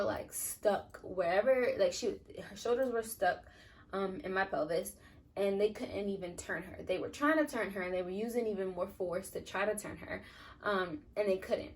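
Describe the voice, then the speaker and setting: A young woman telling a personal story in a casual, rambling way, full of fillers. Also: mid-range voice. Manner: chatty, rambling with many "like" and "um" fillers. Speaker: vlogger. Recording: voice a bit distant from the mic.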